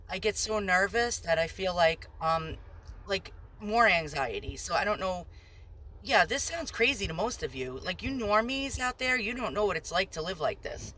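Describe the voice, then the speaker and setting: A woman vlogging on her phone from inside a parked car, rambling anxiously, swearing a lot and talking loudly when nervous. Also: lowish voice. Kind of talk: nervous selfie vlog.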